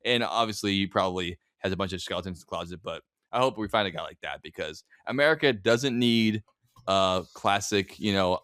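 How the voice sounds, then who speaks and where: A man's voice: low voice, fairly quick, a bit bright, no room sound, studio quality. A man co-hosting a podcast, talking in a sarcastic, mocking way and swearing freely in casual chat. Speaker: podcast co-host.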